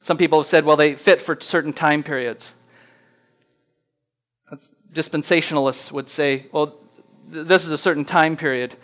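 A man preaching a sermon, earnest and plainspoken, slowing down to read scripture aloud with rising emphasis. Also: on the high side, steady tone, a bit bright, poor audio. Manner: reads scripture slowly and deliberately, rising for emphasis. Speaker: pastor.

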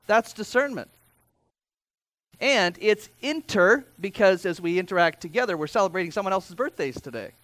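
High-voiced conversational male pastor. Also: fairly bright tone, no room sound. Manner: conversational, with asides and self-corrections. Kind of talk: sermon.

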